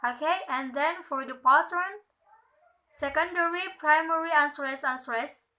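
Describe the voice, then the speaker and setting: A young woman, a student with Indonesian as her first language, slowly reading out a lesson on word stress, dotted with "okay" and "uh". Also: high-pitched, sharp tone, rough recording. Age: young adult. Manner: slow, careful, filler "okay" and "uh". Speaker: student presenter.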